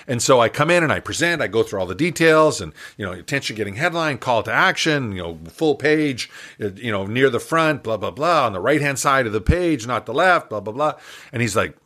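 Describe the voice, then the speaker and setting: An older man, an entrepreneur guest in an interview, telling a story in a lively, animated way with frequent laughs. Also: mid-range voice, brisk.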